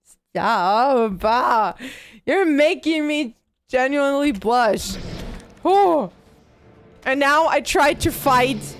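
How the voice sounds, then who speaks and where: A woman's voice: high voice, animated, slow, a little hiss or hum. A woman streaming a horror game live, talking to chat and often panicking with shrieks and laughter. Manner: panicky, frequent screams and laughter.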